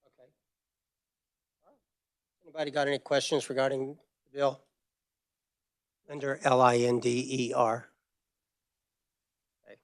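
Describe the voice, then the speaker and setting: A man chairing a legislative committee hearing in a brisk, procedural way, speaking into a table microphone in a committee room. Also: medium pitch, monotone.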